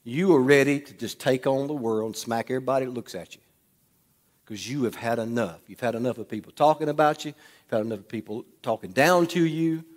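A man preaching a sermon in a church, swinging between loud bursts and hushed, quiet lines. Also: mid-range voice, a little fast. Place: church sanctuary. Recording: long hall reverb.

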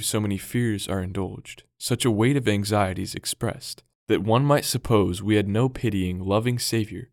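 A young man reading a scripted devotional in a calm, earnest way. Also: on the low side, no echo, studio quality. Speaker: devotional reader.

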